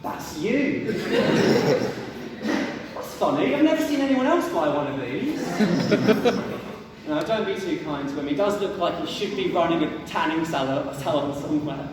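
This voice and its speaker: A man's voice: a little high, expressive, measured pace, pauses often, background noise. A young man doing a stand-up routine, telling rambling, jokey stories on a stage mic. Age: young adult. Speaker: stand-up comedian. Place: university comedy gig venue indoors. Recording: echoey hall from far off with audience.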